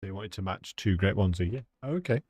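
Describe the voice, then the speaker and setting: Casual streamer, low-pitched and dry-sounding, chatting loosely with chat while he plays. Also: expressive, brisk, a little mellow, breathy edge, no room sound. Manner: chatty, rambling, talks to his chat. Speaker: game streamer. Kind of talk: live gameplay commentary.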